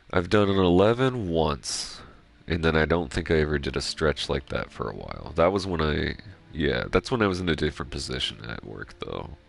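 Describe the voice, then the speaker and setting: Very deep, gravelly man chatting. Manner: rambling, swears freely, self-reflective. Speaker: gaming streamer. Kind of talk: casual chat while playing.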